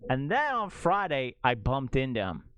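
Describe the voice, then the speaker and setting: A man's voice: medium pitch, normal speed, no room sound. A young adult man streaming a game, telling a rambling casual story to viewers with lots of "like" in his speech. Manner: rambling, animated, heavy use of "like".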